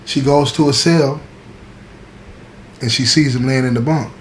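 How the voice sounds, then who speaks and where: A man's voice: mid-range voice, fairly even intonation, unhurried. A man telling a true-style story in a casual, emphatic way, talking straight to the listener. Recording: echoey room with faint background noise.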